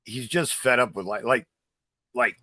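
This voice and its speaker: A man's voice: mid-range voice, measured pace, bright, forceful tone, dry recording. A man hosting a podcast, telling a rambling story in casual chat, full of fillers. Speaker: podcast host.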